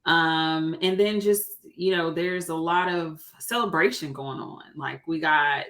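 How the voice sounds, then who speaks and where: A woman's voice: low voice, unhurried, a bit bright. A woman in her thirties, a realtor co-hosting a casual chat, talking openly and laughing often. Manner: chatty, laughs often, acts out quoted dialogue. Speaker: co-host, realtor.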